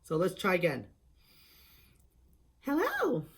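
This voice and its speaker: A man's voice: fairly high pitch, unhurried. Rambling eager man teaching impressions. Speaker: host of an impression tutorial. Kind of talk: casual tutorial talk.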